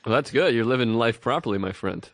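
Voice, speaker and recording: A man co-hosting a podcast, reacting to a story with quick, dry remarks in a casual chat. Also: medium pitch, dry recording. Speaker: podcast co-host.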